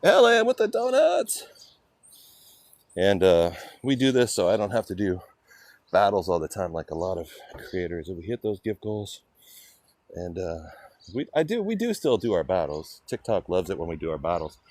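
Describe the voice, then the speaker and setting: A man's voice: sits low, big pitch swings, moderate pace, warm tone, no echo. An older man from California hosting a casual livestream while walking city streets, rambling and chatting with viewers. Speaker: livestream host.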